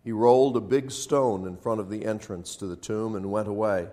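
A man reading scripture aloud in a measured, dramatic way, lifting his voice for quoted speech. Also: fairly low pitch, fairly even intonation, warm tone. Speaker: scripture reader.

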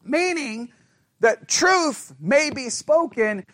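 Male Bible study leader, strikingly high voice, quizzes the class and drums points home by repetition. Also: animated, very slow, a bit bright. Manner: asks the group questions, repeats phrases for emphasis. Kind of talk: interactive Bible study lesson.

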